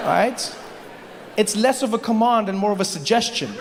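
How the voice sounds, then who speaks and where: Animated, high-voiced stand-up comedian from Africa. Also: male voice, slow pace, long pauses. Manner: animated, self-deprecating, acts out scenes. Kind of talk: stand-up storytelling. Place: large live venue with audience. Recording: echoey live venue with audience noise.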